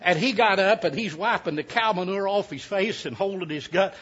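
Preacher, folksy joking storyteller, bright husky tenor. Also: male voice, high-pitched, moderate pace. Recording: dull lo-fi sound.

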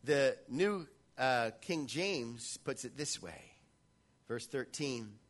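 A man preaching a sermon in a church, animated, swinging between loud passages and hushed ones. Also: mid-range voice, takes it slowly. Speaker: pastor.

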